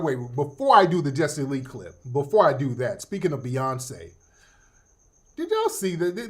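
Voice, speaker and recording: A middle-aged man hosting a casual livestream commentary, profane and joking, laughing often. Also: on the high side. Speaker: host.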